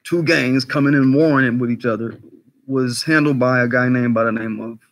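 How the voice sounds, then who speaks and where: A man hosting a casual livestream commentary, talking in an animated, conversational way, swearing freely, firing off rhetorical questions and greeting chat viewers by name. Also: mid-range voice, normal speed. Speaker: commentary channel host.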